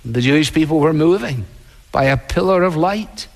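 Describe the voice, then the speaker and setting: A male pastor delivering a sermon in a measured preaching manner, slowing down to act out quoted voices. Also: fairly high pitch, expressive, big-room sound.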